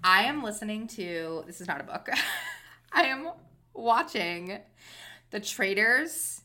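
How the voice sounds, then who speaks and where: Bright-voiced chatty woman podcaster. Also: mid-range voice, lively intonation, a little slow. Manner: chatty, tangent-prone, lots of fillers. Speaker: podcast co-host. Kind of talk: casual chat.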